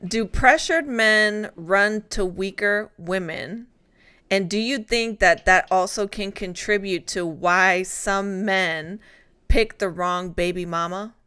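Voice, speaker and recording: Smooth-voiced woman co-host. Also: mid-range voice, slow, bright, forceful tone. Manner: playful, laughing, steers the topics. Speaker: radio co-host. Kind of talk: casual chat.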